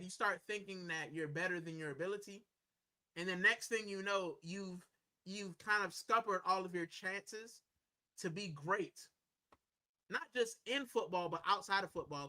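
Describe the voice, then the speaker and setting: A man hosting a live stream from a corner at home, his voice sitting high and sounding very bright and forceful. He rambles loosely and casually, answering viewers' comments and dropping "bro" into almost every sentence. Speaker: livestream host.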